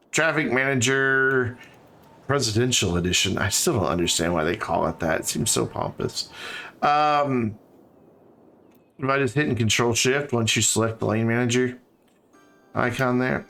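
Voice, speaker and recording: A man's voice: medium pitch, a little slow, pauses often, fairly bright tone. A man streaming a city-building game, chatting casually and thinking aloud as he builds. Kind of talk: casual let's-play commentary.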